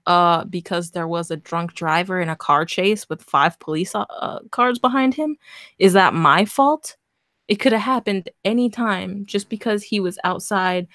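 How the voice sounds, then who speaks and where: A woman's voice: lowish voice, moderate pace, fairly bright tone, dry recording, studio quality. A woman host reading a story aloud in casual chat, breaking off into sarcastic, laughing commentary.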